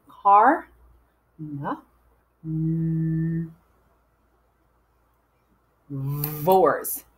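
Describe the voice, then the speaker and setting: A woman teacher records a writing lesson for young children. She sounds out words letter by letter and syllable by syllable, slowing right down. She keeps asking her young learners to answer along with her. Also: medium pitch, fairly bright tone. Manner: encouraging, asks questions to young learners.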